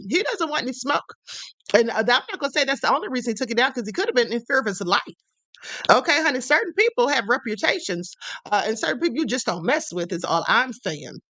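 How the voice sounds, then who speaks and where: A woman's voice: high-pitched, pushed and bright, no echo. A woman hosting a livestream, giving sassy, emphatic commentary and calling viewers honey. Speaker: livestream host.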